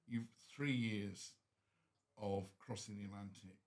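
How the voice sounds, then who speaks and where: Low-voiced host, hesitant. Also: male voice, fairly even intonation, slow pace. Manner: hesitant, lots of ums and restarts. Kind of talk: interview questions.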